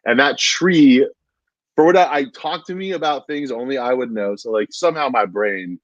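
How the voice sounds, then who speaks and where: This comedian's voice sits at medium pitch and moves at a moderate pace as he chats casually through a meandering story. "Dude" and "like" come up over and over among his many fillers. The sound is dull and lo-fi, dry with no room sound.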